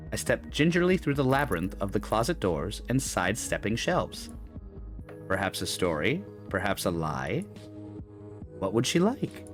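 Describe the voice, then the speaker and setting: A man hosting a gaming stream, reading a game's narration aloud with dramatic flair. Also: on the low side. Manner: dramatic reading with swearing asides. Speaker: gaming channel host. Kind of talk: reading game narration aloud with live chat.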